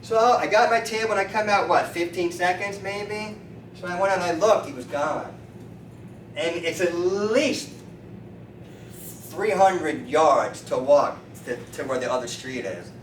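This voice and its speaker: An animated man in his fifties, a chiropractor featured at a meeting, tells stories and acts out quoted voices. His voice is high and his pace unhurried, captured in a roomy meeting room by a distant mic with faint noise.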